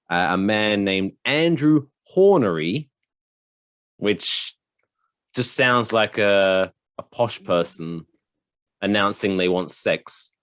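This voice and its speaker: A low-voiced man chats loosely on a comedy podcast, his pitch swinging widely as he rambles through a story. He swears freely and sounds close and dry, with no room around him. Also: a bit bright, dry recording. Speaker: podcast host. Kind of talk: casual comedic chat.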